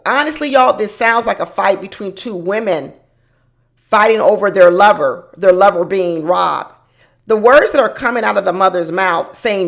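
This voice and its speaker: A woman's voice: medium pitch, normal speed. A woman hosting a casual reality TV recap, chatty and opinionated, talking straight to her viewers.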